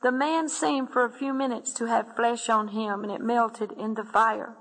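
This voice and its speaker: A woman's voice: a little high, steady tone, normal speed, a bit bright, in a large hall, poor audio. A woman earnestly narrating a dramatic religious testimony, often speaking directly to her listeners. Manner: earnest, addresses listeners as "my friend".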